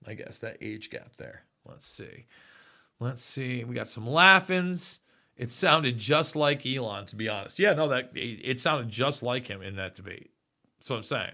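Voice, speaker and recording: A man's voice: medium pitch, moderate pace, bright, forceful tone. A man in his forties hosting a casual livestream, rambling and reading viewer comments aloud. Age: 40s. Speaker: livestream host. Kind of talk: casual live chat.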